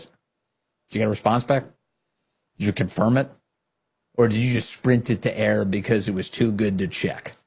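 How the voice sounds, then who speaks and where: A man's voice: lowish voice, steady tone, normal speed, vocal fry, pauses often, a little mellow, breathy edge. A man hosting a political commentary show, talking casually with a sarcastic, incredulous edge.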